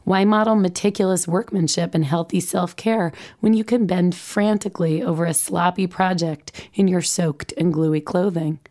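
A woman in her forties reads her memoir aloud, wry and self-deprecating. Her voice is low for a woman and mellow. She keeps a warm, unhurried reading tone. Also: steady tone. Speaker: memoir narrator, mother. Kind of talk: audiobook memoir narration.

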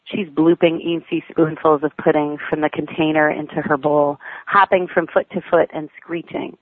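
A woman's voice: low-pitched, little pitch movement, moderate pace, hardly any pauses, no room sound. Woman reading her essay over a tinny line. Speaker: mother reading her own diary essay. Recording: tinny phone-like line, dry.

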